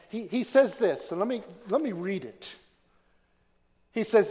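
A man preaching a sermon as pastor, swinging from loud emphatic declarations to hushed low phrases, with repeated phrases and a measured delivery. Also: lively intonation. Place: church sanctuary. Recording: long hall reverb.

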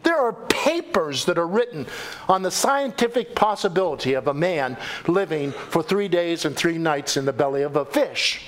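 A male pastor preaching a sermon, telling the story with animated delivery and acting out the quoted voices. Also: a little high, moderate pace.

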